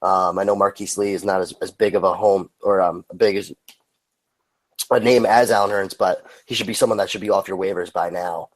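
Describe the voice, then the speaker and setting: A relaxed man co-hosting a sports podcast, talking in an unhurried and easygoing way. His voice sits a little low. He often keeps his answers brief. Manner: laid-back, brief replies. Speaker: podcast co-host. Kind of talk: casual podcast chat.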